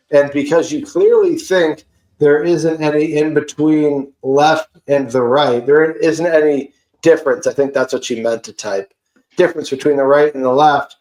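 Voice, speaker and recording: Guy podcaster ranting through a story, cussing, kinda high voice. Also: echoey room, poor audio. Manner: animated, profane, indignant storytelling. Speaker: podcast host. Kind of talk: casual podcast chat.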